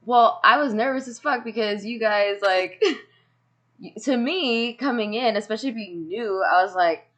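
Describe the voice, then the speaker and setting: Woman streamer chatting on a video call from home, laughy and lively, swears a bit. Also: a little high, unhurried. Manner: animated storytelling with laughs and swearing. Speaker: streamer host. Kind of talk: casual video call chat. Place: home room with cats. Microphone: home streaming mic on a video call.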